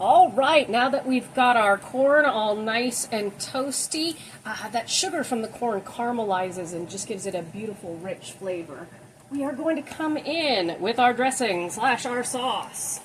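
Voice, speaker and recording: A woman's voice: fairly high pitch, lively intonation, measured pace, slight background noise, poor audio. Chatty woman cooking at home. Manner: chatty, homey, talks while cooking. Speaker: cooking vlogger. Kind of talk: casual cooking demonstration. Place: home kitchen.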